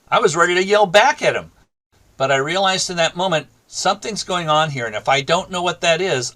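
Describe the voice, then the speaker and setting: In a talk show interview, a former teacher with a high, pushed, bright voice tells a story from his classroom, acting out both sides of the conversation.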